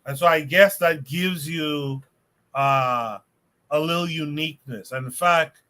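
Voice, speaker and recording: Bright-voiced male podcast host, rambling. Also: on the high side, a little slow. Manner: rambling, thinking aloud. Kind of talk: casual livestream discussion.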